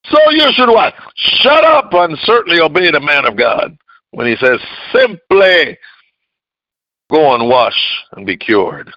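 Male preacher, emphatic sermon delivery, very animated pitch, dry close sound. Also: unhurried, no room sound, highs cut off. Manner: emphatic, swinging from loud outbursts to low hushed lines.

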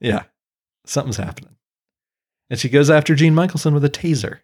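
A man's voice: on the high side, fast, a little mellow. A man co-hosting a podcast, chatting about a movie in an easygoing, jokey way. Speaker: podcast co-host. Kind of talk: casual movie recap chat.

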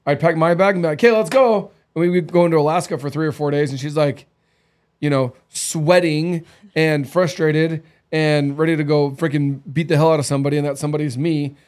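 A man in his thirties talks in an easy, candid podcast chat, on the higher side for a man. He rolls through stories with lively swings in his voice and acts out quoted lines along the way. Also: brisk. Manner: candid, animated storytelling with acted quotes. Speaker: podcast co-host. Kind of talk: casual chat.

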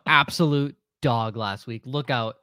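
A man's voice: mid-range voice, measured pace, sharp tone, clear, resonant tone, no room sound, studio quality. A man with a stuffy, congested voice co-hosting a sports podcast, blunt and profane as he reads out listener questions. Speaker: podcast co-host.

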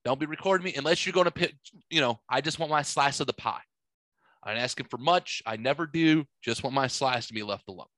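A man's voice: medium pitch, fast talker, fairly bright tone, no echo. A man hosting a podcast, telling rambling, profane stories in casual chat. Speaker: podcast host. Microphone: studio microphone.

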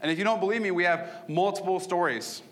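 A man's voice: sits high, fast. A man preaching as pastor to his church, easygoing and conversational, with frequent ums and restarts. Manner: casual, warm-hearted preaching with fillers and restarts. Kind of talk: sermon. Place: church sanctuary.

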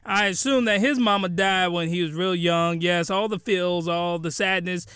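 A young man hosting a comedic review, rambling and excitable, with loud bursts of ranting. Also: high voice, normal speed, clean tone, dry recording, studio quality. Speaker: host.

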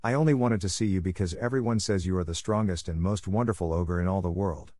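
A man's voice: deep voice, fast talker, a little mellow, no room sound, clean studio sound. A man voicing a clever, bold little male cat in boots, eager and pleading in turn, in a storybook reading. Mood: flattering.

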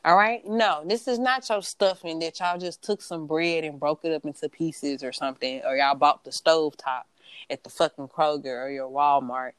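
Southern woman, podcast co-host, lowish voice, dry sound, fired-up casual rants. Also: moderate pace, clean tone, no echo. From Mississippi. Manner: animated, ranting, swears freely. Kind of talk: casual chat.

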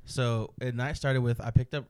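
A man's voice: medium pitch, fairly even intonation, moderate pace, darkish tone, smooth, dry recording, studio quality. A young man hosting a podcast in casual chat, teasing his guest and acting out other people's lines as he tells stories. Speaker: podcast host.

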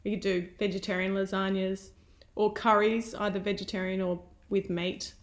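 A woman's voice: medium pitch, level tone, moderate pace. A woman who hosts a podcast, chatting in a friendly way and listing practical tips. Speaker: podcast host. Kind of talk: casual chat. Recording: echoey room.

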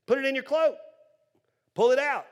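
A man's voice: very high voice, moderate pace, pitched above the performer's own voice. God, a man giving firm commands. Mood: commanding.

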